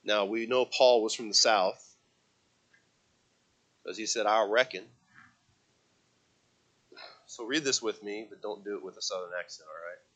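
A man preaching a sermon to a congregation, swinging from quiet, conversational stretches to loud, impassioned calls with repeated words. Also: on the low side, moderate pace, long pauses. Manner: asks the congregation to read aloud with him. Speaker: pastor.

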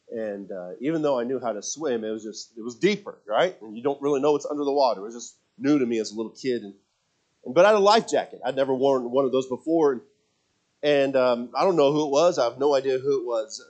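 A man preaching a sermon, moving from quiet personal storytelling to loud, emphatic preaching and reading scripture aloud. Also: mid-range voice. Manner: reads scripture in King James wording. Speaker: pastor.

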